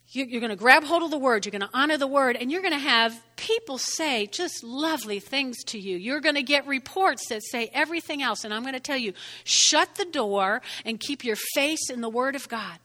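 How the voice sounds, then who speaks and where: A woman's voice: high voice, expressive, normal speed, sharp tone, big-room sound. A woman preaching a conversational sermon, checking in with the congregation often.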